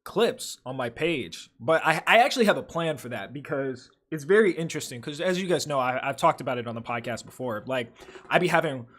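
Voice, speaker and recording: A man's voice: on the high side, expressive, a little fast, a bit bright. A young man hosting a livestream, reading viewer comments aloud and chatting in loose, profane slang full of fillers. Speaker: livestream host.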